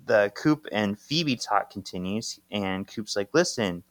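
A man's voice: lowish voice, lively intonation, slow pace, a bit bright, no echo. Man casually recapping a comic, dry sound. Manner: acts out characters' lines in playful voices. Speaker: podcast co-host.

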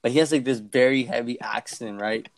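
Young guy rattling off a work story, talks quick, swears a lot, does everyones voices. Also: mid-range voice, creaky, slight background noise. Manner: fast, profane, acts out quoted voices. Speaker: podcast co-host. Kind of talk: casual storytelling chat.

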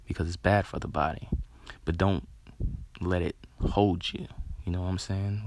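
A man giving a rambling, earnest motivational talk, filling pauses with "you know" and swearing casually. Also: low voice, gravelly, darkish tone, no echo.

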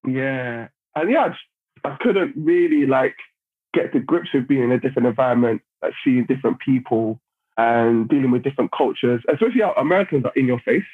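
A man telling a story on a podcast in a casual, animated way. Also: medium pitch, fairly quick. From London, England. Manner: animated, acts out other people's lines while telling stories. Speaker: podcast guest. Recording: phone-like narrow sound.

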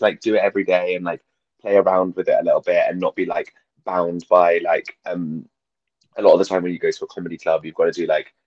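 A man's voice: low voice, a little mellow, no room sound, highs cut off. A young man who has lost his voice, talking as a guest comedian over a video call, rambling and self-deprecating with lots of fillers. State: hoarse, losing his voice. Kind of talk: casual chat.

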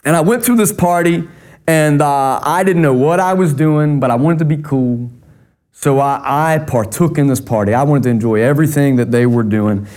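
A man's voice: a little high, normal speed, darkish tone. Storytelling Southern preacher man. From North Carolina. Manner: conversational storytelling, humorous. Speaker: pastor. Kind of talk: sermon.

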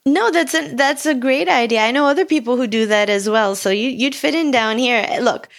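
A woman co-hosting a podcast, upbeat and animated in casual conversation. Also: high voice, normal speed, gravelly. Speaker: podcast co-host. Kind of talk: casual chat.

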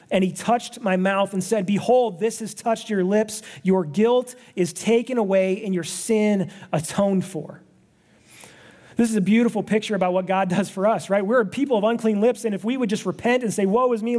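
A man delivers a sermon with an earnest, talk-it-through manner, as if chatting with his congregation. His voice sits slightly high but sounds mellow and relaxed rather than bright. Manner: earnest, conversational preaching with frequent "right?" asides. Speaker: pastor.

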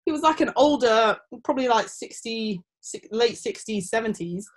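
A young woman, chatting casually and telling stories, often acting out other people's voices. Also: normal speed. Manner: animated storytelling, acting out quoted people in high voices. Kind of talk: casual chat.

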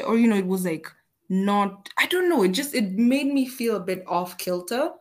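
A young adult woman from Kenya, a podcast guest telling personal stories in a lively, self-deprecating way. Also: mid-range voice, normal speed. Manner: animated, self-deprecating, acts out quotes. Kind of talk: casual conversational storytelling.

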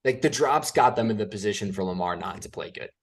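A man co-hosting a sports podcast, talking excitedly and often breaking off and restarting his sentences. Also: fairly low pitch, quick pace, husky. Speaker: co-host. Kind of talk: casual sports podcast chat.

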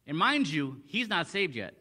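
Very animated and on the high side, a man preaches at a normal pace with a bright, forceful tone. Working through a Bible passage, he quotes the verses in old English and keeps restarting as he explains them.

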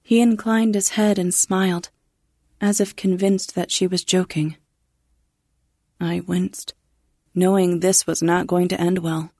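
A woman narrating a first-person science fiction story in a measured, restrained way. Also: lowish voice, level tone, mellow, no room sound, studio quality.

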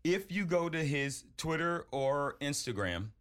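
A man's voice: fairly high pitch, animated, unhurried, fairly bright tone, clean tone. A man from the American South hosting a podcast in casual, joking chat. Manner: joking, playful interjections. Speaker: podcast host.

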